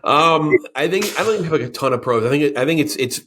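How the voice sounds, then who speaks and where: A man's voice: fairly high pitch, expressive, fast talker, sharp tone, slight background noise. A man co-hosting a casual movie review chat, rambling and a bit sarcastic. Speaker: podcast co-host.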